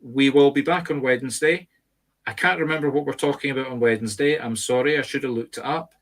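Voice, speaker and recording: A middle-aged man with a Scottish accent talks in a casual discussion. His pitch sits in the middle of the range. He explains things in the emphatic, instructive way of a teacher. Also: brisk. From Scotland. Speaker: medium and co-host. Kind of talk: casual panel chat.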